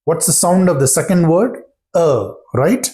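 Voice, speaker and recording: A man teaching pronunciation in a slow, deliberate classroom manner, repeating example phrases and checking that listeners follow. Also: fairly high pitch, animated, mellow.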